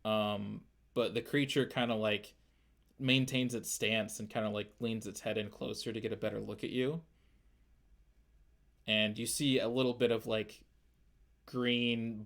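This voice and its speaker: Man, game master, low pitch, loose filler-heavy narration. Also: little pitch movement, a little slow, fairly bright tone.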